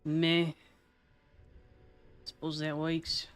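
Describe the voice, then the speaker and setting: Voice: mid-range voice, completely flat delivery, extremely slow, clean tone. A VTuber streamer giving casual gameplay commentary, full of playful trash talk aimed at opponents.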